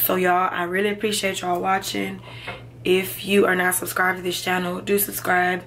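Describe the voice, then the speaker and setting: A woman's voice: on the low side, level tone, moderate pace, a bit bright, a little hiss or hum. A young woman chatting casually to her viewers in a vlog, calling them y'all. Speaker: vlogger.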